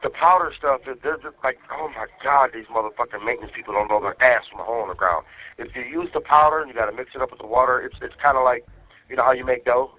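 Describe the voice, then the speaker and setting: A man's voice: medium pitch, fast talker. A man on a phone call with his wife, ranting angrily and swearing heavily. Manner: angry, profane ranting. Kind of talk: casual phone conversation. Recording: tinny phone line.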